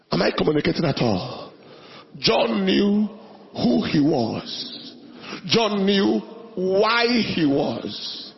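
High-pitched guy preaching hard, shouts scripture, kinda muffled lo-fi audio. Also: sing-song, gravelly. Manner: impassioned, shouting scripture with drawn-out phrases. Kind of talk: sermon.

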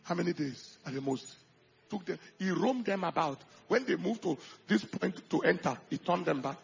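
A male pastor preaching a sermon, swinging from quiet asides to loud emphatic bursts and acting out the people he quotes. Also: high voice, expressive, moderate pace, gravelly, breathy edge, highs cut off.

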